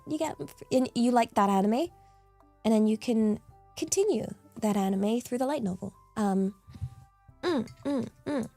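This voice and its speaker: A British woman chats casually with viewers on a livestream, answering them in a playful, giggly manner that swoops up into squeals. Her voice is fairly high and mellow.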